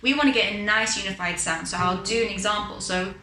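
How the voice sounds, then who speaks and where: Bright-voiced woman teaching singing. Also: medium pitch, fast, roomy sound, slight background noise, poor audio. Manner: explains patiently, often checks in with "all right". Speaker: vocal teacher. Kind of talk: instructional talk with sung demos.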